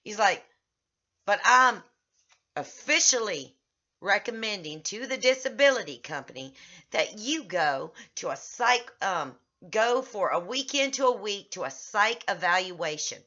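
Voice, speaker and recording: A middle-aged woman vlogging about a therapy session, agitated and venting, her voice rising in loud bursts. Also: mid-range voice, expressive, a little slow. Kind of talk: personal vlog recounting. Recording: slightly dull lo-fi audio.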